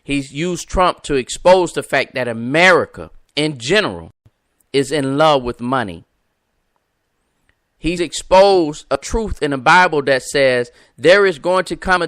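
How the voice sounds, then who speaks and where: A man with a bright, forceful voice, a little higher than most, hosts a live call-in show with the repeating cadence of a preacher. His clear, smooth voice sits in a dry, close recording. He calls out to his listeners by name. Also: animated, measured pace, no room sound. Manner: emphatic, repetitive, preacher-like cadence; talks to viewers and callers by name. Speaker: podcast host. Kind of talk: live-stream preaching talk.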